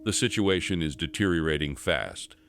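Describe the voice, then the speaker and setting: A man narrating a scripted documentary in an even, measured storytelling manner. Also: rumbling low, music in the background.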